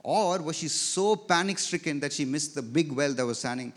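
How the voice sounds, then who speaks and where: A man's voice: a little high, lively intonation, moderate pace. A man preaching a sermon as pastor, telling a story and swelling then dropping his voice for emphasis, in a church sanctuary. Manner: storytelling preacher, rises and drops in loudness for emphasis.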